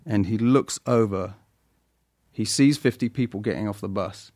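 A British actor as a podcast guest, telling animated stories with lots of restarts and laughs. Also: male voice, on the low side, normal speed, dry recording, studio quality. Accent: British English. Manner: animated storytelling, many restarts, laughs often. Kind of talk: podcast conversation.

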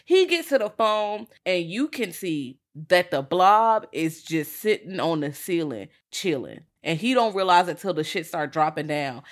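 Lower-pitched woman, profane and animated. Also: a little slow, hardly any pauses. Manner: profane, animated retelling with mock quotes. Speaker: podcast co-host. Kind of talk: casual chat.

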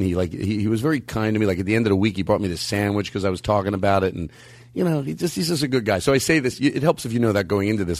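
A man hosting a podcast talks in a loose, rambling way, his pitch leaping around a lot as he tells stories and quotes people. He sits close to a studio mic in a dry, dead-sounding room. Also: dry recording. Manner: rambling, animated, swings pitch up for quoted voices. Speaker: podcast host. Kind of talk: casual chat.

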